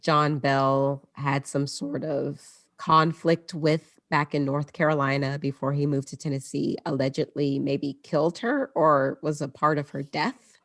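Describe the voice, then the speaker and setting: A woman's voice: low voice, steady tone, a little slow, dry recording, studio quality. A woman hosting a podcast and telling a story casually, moving between read passages and chatty asides. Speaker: podcast host.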